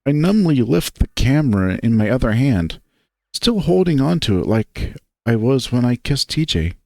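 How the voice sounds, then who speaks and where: A man reading a visual novel aloud in first-person narration, unhurried and expressive. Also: mid-range voice, creaky, no room sound.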